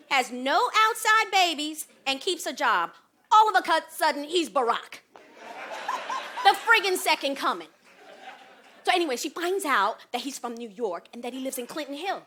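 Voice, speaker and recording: Brief: middle-aged woman, solo stage comic, very high bright voice, sassy and animated. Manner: animated, sassy storytelling with mimicry. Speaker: comedic solo performer. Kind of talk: one-woman stage show. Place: theater stage.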